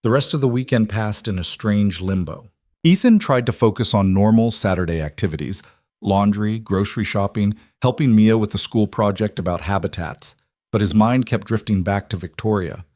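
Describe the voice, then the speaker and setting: A man reading a story aloud as narrator, in an even storytelling delivery. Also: on the low side, normal speed, no room sound, studio quality.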